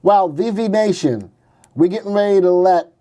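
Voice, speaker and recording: A man's voice: high voice, normal speed, dark tone. Chatty man hosting a stock show. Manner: wisecracking, slips into silly put-on voices. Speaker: stock market show host. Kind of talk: casual market commentary.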